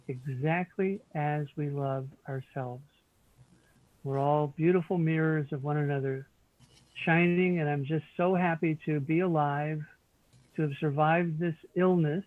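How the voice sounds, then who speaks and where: Tinny-sounding man sharing warm wishes. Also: on the high side, no echo. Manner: gentle, affectionate, slow on key phrases. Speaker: congregation member. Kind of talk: heartfelt sharing. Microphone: video call. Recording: tinny phone-like video call audio.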